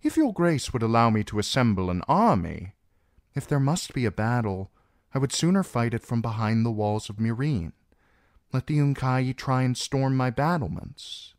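A man's voice: medium pitch, expressive, moderate pace, no echo, clean studio sound, voice pushed up, close to an everyday voice. A man playing a grave old knight. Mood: worried. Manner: grave, formal. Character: older male knight, loyal and cautious.

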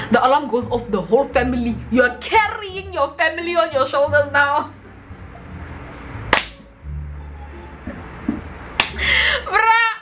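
Animated South African woman ranting. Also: high-pitched, very slow, long pauses, over music, low-quality recording. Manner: animated, mixes local slang into English. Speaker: vlogger. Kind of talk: comedic rant to camera.

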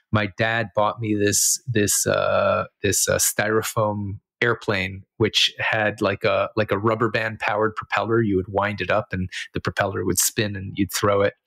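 A man's voice: on the low side, flat delivery, a little slow, creaky, a bit bright, no echo. A man who grew up in Israel, a podcast guest telling a childhood story in a rambling, self-amused way with many fillers. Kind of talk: casual storytelling.

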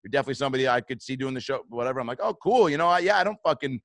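A male podcast host races through a casual story in a medium, slightly bright voice, recorded without any room sound. He curses freely, performs other people's lines, and keeps bursting out laughing.

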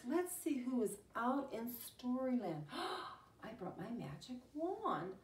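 Slow, sing-song woman teacher reading aloud. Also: on the high side. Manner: animated, gasping and exclaiming, speaks slowly and sing-song to young children. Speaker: teacher reading a picture book to children. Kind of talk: storytime read-aloud lesson. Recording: roomy, from a distance.

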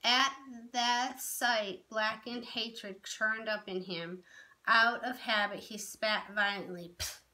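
Slow, bright-voiced woman reading a novel aloud. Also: mid-range voice, fairly even intonation. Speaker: storyteller.

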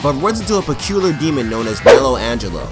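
A man's voice: medium pitch, sing-song, fast talker, loud music behind the voice. A man co-hosting a comedic game story recap, joking and cursing as he goes. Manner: profane, joking, acts out characters. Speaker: co-host.

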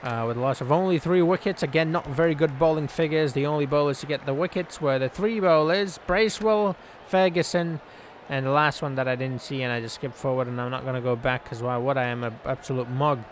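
A man giving casual, joking commentary over his own video game play, yelling at the players on screen. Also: medium pitch, a little fast, few pauses, a little hiss or hum. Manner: excitable, jokey, scolds the game's players aloud. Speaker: gaming channel host.

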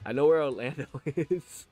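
A man's voice: on the high side, huge pitch swings, takes it slowly, a little mellow, husky, faint music behind. A young man in his late teens, a live streamer, chatting casually and reading his chat aloud, with a slurred lisp because new braces keep his mouth open. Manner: chatty and joking, laughs often, stammers on restarts.

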